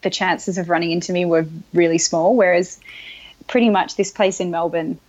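A woman's voice: fairly low pitch, moderate pace. Woman telling a story, dull lo-fi sound. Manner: relaxed, laughs often. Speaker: guest. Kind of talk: casual chat, storytelling.

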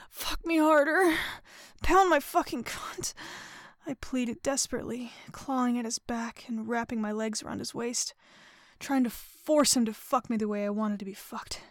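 Female erotic-story narrator: breathy, whispered and panting, fairly high pitch, close dry mic. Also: no room sound. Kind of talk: first-person erotic audio story reading.

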